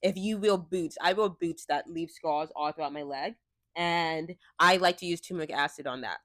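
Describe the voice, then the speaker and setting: A young woman talking casually and frankly to a fixed camera, chatty and quick to laugh. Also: low voice, a bit bright, dry recording, studio quality. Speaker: vlogger. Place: indoors, seated before a fixed camera. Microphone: camera mic.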